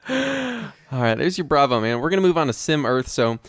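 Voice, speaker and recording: A man's voice: on the high side, very animated, normal speed, a bit bright, dry recording, clean studio sound. A man co-hosting a casual unboxing chat, chatting about each item as he handles it. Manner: chatty, describes items as he handles them. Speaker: co-host.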